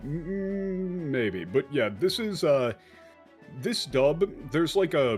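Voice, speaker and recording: A man chatting as a guest on a game reaction stream, joking and quick to mimic lines. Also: on the high side, very animated, soft background music. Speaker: guest translator. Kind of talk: casual game reaction chat.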